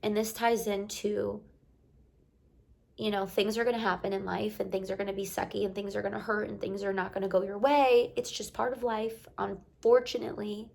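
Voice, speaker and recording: Gravelly-voiced woman giving an earnest pep talk. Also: medium pitch, level tone, moderate pace, darkish tone. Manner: earnest, repetitive encouraging phrasing. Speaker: motivational vlogger. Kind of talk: casual heartfelt pep talk to camera.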